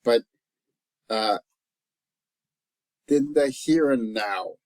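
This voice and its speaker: An earnest man from El Salvador talks as a life coach in a reflective vlog, restarting his sentences as he works through his thoughts. His voice sits in a middle register and at times sinks soft and quiet with emotion. The sound is dry and close, with no room echo. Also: medium pitch. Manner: earnest and halting, with many restarts. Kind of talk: personal reflective vlog talk.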